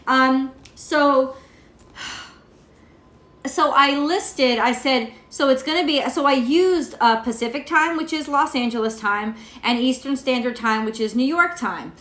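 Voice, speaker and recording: A woman's voice: high-pitched, slow pace, fairly bright tone. An American woman reading tarot cards in a casual vlog, rambling and cursing freely as she rants. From United States. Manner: profane ranting, rambling. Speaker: tarot reader. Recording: echoey room.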